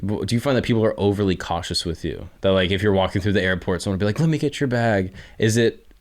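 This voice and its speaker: A man hosting an interview, asking long, curious questions in a relaxed conversational way. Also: sits low, quick pace. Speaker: podcast host.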